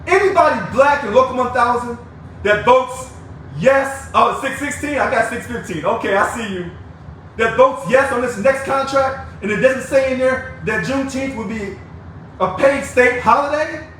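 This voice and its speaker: A man's voice: very high-pitched, normal speed, fairly bright tone. An angry man giving a combative, preachy video rant to union members, calling people out and taunting them. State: angry, fired up. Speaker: union activist addressing members. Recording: echoey, distant mic with faint noise.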